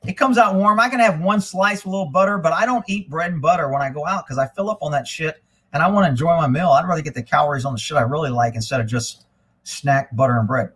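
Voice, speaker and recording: A man hosting a casual live stream, rambling and swearing freely, getting animated when he retells a story. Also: fairly high pitch, fast, slightly rough. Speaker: livestream host. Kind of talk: casual livestream chat.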